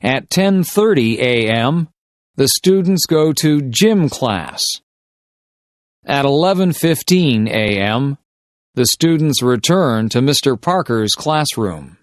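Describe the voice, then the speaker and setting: A man reading simple short stories slowly and deliberately for English shadowing practice. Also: mid-range voice, expressive, no echo, clean studio sound. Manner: deliberate, carefully paced reading of short sentences. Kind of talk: slow scripted story reading for shadowing practice.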